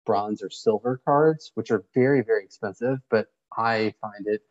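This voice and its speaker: A man's voice: on the low side, normal speed, a little mellow. A man co-hosting a casual podcast chat, laid-back and offhand, who swears freely. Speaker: podcast co-host. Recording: dull lo-fi remote audio.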